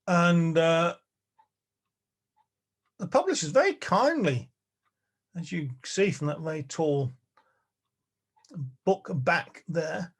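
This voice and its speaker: This is an older man giving a public talk from the spare bedroom he uses as a study. His voice sits a little high for a man. He talks in a wry, chatty way, chuckling now and then. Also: breathy edge. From England. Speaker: lecturer.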